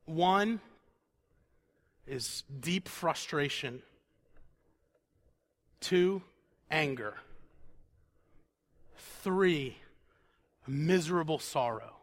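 A man preaching a conversational sermon who repeats words for emphasis and sinks to a quiet, intense tone on solemn points. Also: on the high side, lively intonation, drawn-out words, long pauses.

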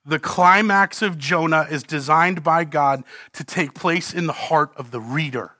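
A man preaching a sermon with fervor, moving between quiet, earnest points and loud, pleading cries, and ending in prayer. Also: on the high side, measured pace, no echo, clean studio sound. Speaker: pastor. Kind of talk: closing prayer.

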